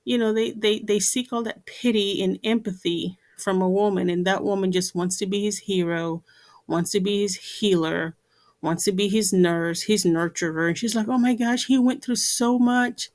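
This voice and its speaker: A woman's voice: mid-range voice, steady tone, moderate pace, darkish tone. A woman giving an earnest talk to camera, repeating herself and using many fillers. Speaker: vlogger.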